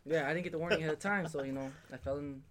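A man's voice: a little high, a loud crowd. A man telling a story about his girlfriend in a casual chat, rambling and acting out quotes. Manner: fast, rambling, acts out quotes.

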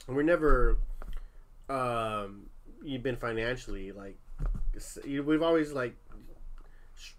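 A man in his thirties, a parent, talks slowly in a mid-range voice and pauses often while sharing a story with family on a casual podcast. He is animated and blunt, with frequent curses and filler words.

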